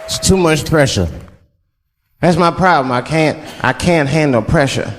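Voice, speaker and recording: A man from Washington, D.C. performing a stand-up routine, telling stories in an animated way and slipping into put-on voices, recorded on a large theater stage before a live crowd. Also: a little high, measured pace, big-room sound, a little hiss or hum. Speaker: stand-up comedian.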